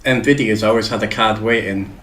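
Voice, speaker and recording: A man's voice: on the low side, steady tone, moderate pace, fairly bright tone, echoey room, slight background noise, rough recording. A man hosting a casual tech chat show, rambling and joking with frequent swearing. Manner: rambling, swears freely, jokey. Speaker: show host.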